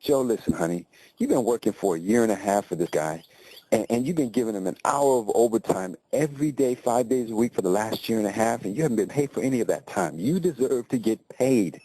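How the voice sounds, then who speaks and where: A man voicing an earnest wife who insists in a higher voice. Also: animated, a little fast, warm tone, breathy edge, rough recording. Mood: insistent.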